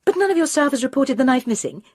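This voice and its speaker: An earnest, rather formal woman phoning a firm as a novice detective, put on by a woman reading aloud. Her voice is lifted high, husky and dry. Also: sing-song, fast, darkish tone, dry recording.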